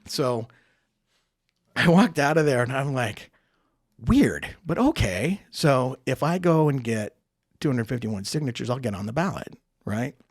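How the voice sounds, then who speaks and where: A man with a mid-range, sing-song voice speaks unhurriedly in a studio-quality recording without echo. A political candidate appearing as a podcast guest, he tells a story in a chatty, casual way, acting out the dialogue and often tagging sentences with "right?".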